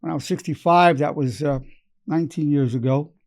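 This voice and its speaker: A man in his eighties teaches by telling stories from his practice, quoting each exchange and circling back to key lines. His voice sounds gravelly and mellow. It sits a little high for a man. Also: brisk. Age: 80s. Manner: retells client stories with quoted dialogue and repeated phrases. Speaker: psychologist. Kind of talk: storytelling lecture.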